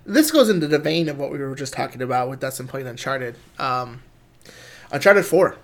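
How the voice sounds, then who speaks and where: A man's voice: mid-range voice, sing-song, normal speed. A man co-hosting a casual podcast chat, talking enthusiastically with many restarts. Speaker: podcast co-host. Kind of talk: casual chat about video games.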